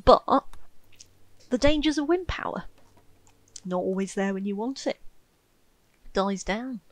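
A woman giving casual, wry commentary over her own gameplay, chatty and self-mocking, with sudden excited yelps. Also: medium pitch, unhurried, no echo, rough recording. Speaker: game streamer commentating.

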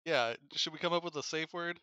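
A man playing in a tabletop game, asking soft, teasing questions. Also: a little high, a little fast, highs cut off. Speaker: player. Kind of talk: casual tabletop role-play chat.

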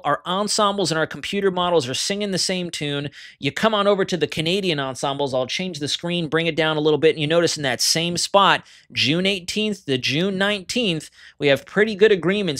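A man's voice: a little high, a bit bright, no echo, studio quality. A man hosting an online weather briefing, walking viewers through model charts in a conversational way. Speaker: weather forecaster.

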